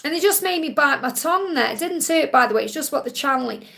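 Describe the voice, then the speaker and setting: Fast and creaky, with lively intonation and a sharp edge, this high voice belongs to a psychic reader hosting a live Q&A. She reassures and soothes the people she reads for, repeating her phrases.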